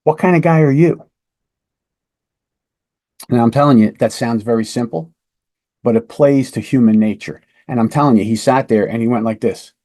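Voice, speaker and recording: A man's voice: medium pitch, fairly even intonation, brisk, mellow. A man, a police lieutenant hosting a podcast, telling a case story to teach an interview technique, conversational and emphatic. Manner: conversational, emphatic, asks "right?". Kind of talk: instructional storytelling.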